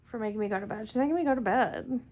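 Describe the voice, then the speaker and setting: A woman's voice: on the high side, very fast, darkish tone, a little hiss or hum. A woman with a Southern US accent chatting playfully as a vlogger, laughing often. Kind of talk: casual chat.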